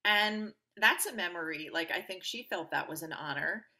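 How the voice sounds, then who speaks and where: A woman with a bright, clear voice talks through her own stories as a podcast guest. She is upbeat and animated and acts out the voices of the people she quotes. The delivery is loose and conversational. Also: lowish voice, normal speed. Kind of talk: conversational interview storytelling.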